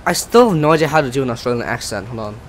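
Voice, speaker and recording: A man's voice: medium pitch, lively intonation, rapid-fire, rough recording. A man casually commenting on his flight sim stream, chatty and self-mocking, often trailing off and restarting.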